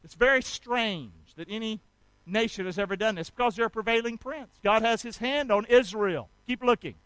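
A man preaching a sermon, drawing call-and-response from the congregation and swinging between loud exhortation and quiet asides. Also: high-pitched, moderate pace, clear, resonant tone, no echo, low-quality recording. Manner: call-and-response, urging the congregation to repeat after him. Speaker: pastor.

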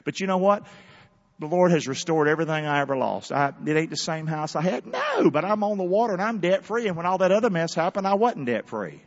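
A man's voice: a little high, big pitch swings, a little fast, lo-fi sound. Fiery preaching man in a big hall. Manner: fiery call-and-response preaching, shifting from hushed to shouting. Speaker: pastor. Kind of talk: sermon. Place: large church hall.

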